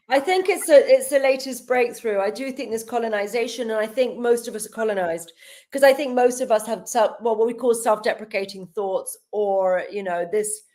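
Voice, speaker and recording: A woman, a healer guest on a podcast, telling stories in casual chat with frequent laughs and acted-out dialogue. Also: mid-range voice. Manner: animated, laughs often, acts out quoted dialogue.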